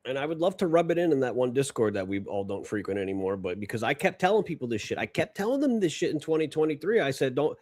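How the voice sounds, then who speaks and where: Young male co-host, rapid, lively pitch, emphatic and profane. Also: no room sound. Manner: animated, emphatic, swears often. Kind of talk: casual political talk livestream.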